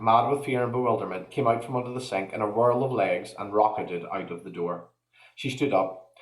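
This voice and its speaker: Man reading a storybook aloud, lowish voice, steady, echoey room.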